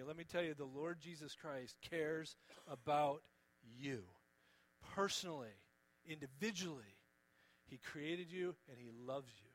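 A man preaching a sermon in an earnest, gentle, pleading way, often dropping soft on key words. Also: on the high side, normal speed, rough recording. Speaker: pastor.

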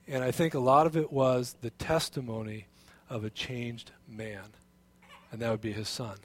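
A man preaching a sermon as pastor, telling a personal story in an animated way with many restarts and fillers. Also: medium pitch, normal speed.

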